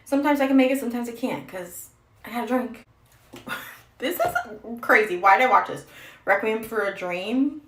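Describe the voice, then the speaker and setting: A woman's voice: on the high side, expressive, normal speed, fairly bright tone, roomy sound, a little hiss or hum, poor audio. A young adult woman streaming a casual get-ready-with-me chat, rambling and self-deprecating.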